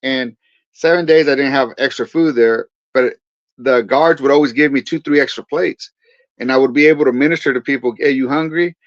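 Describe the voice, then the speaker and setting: A man's voice: mid-range voice, fairly quick, dry recording. A man from California's Central Valley, a pastor and veteran, telling his story in a podcast interview and acting out the dialogue as he goes. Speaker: guest, pastor and Marine veteran. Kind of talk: personal testimony in a podcast interview. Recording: dull, dry podcast audio.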